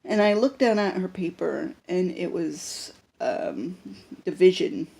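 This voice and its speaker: A woman's voice: on the low side, slow pace, vocal fry, dark tone, breathy edge. A young woman talking unscripted to a handheld camera in a personal vlog, rambling with lots of fillers and restarts. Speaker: vlogger.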